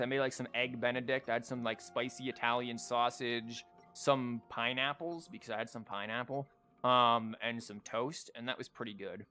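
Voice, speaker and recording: Guy streaming, bright sharp voice, rambles and stutters, chats with viewers, bit of music behind. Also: medium pitch. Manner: rambling, stammering, chatty with chat. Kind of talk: casual livestream chat.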